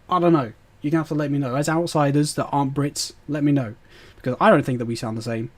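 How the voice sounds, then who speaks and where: A man's voice: fairly high pitch, steady tone, fast, few pauses. A British man streaming a game live, chatting and rambling as he answers his chat with fillers and laughs. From Britain. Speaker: gaming streamer.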